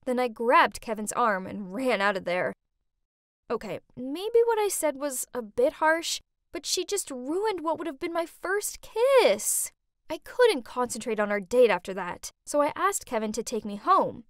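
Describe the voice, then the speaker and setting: A woman narrating a scripted first-person story in an animated, exclamatory way. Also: sits high, a little slow, dry recording, clean studio sound.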